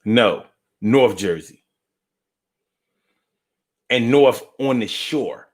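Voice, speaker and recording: Hosting a laid-back live stream, a man reads out viewer comments and answers them playfully and animatedly, with plenty of swearing. He swings between loud outbursts and low mutters, and he speaks very slowly.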